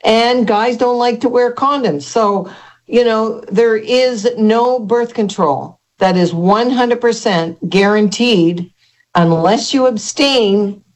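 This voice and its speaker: Earnest older woman testifying. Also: a little high. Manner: earnest, halting storytelling with many restarts. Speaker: interview guest. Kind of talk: personal testimony in an interview.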